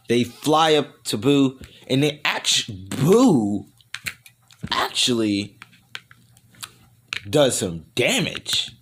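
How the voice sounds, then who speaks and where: A man's voice: medium pitch, big pitch swings, drawn-out words, pauses often, a bit bright, slight background noise. A man casually improvising a fan story aloud, rambling and self-correcting as he goes and laughing at his own voices.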